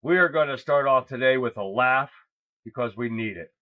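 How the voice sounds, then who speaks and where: Man, livestream host, folksy casual chat, mid pitch, dull lo-fi audio. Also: normal speed. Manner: folksy, keeps calling the audience "guys". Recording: dull lo-fi sound.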